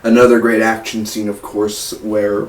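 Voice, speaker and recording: A man's voice: fairly low pitch, monotone, normal speed. A man reviewing a movie in casual talk, rambling with many fillers and restarts. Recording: roomy echo, mic far off, faint hiss.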